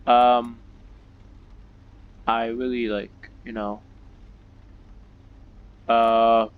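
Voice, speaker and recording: A man playing a story game on video, reading its text aloud and reacting in an excitable, chatty way, with lots of fillers and restarts. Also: medium pitch, extremely slow, clean tone, phone-quality sound. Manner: excitable, chatty, many fillers and self-corrections. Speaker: gaming video host.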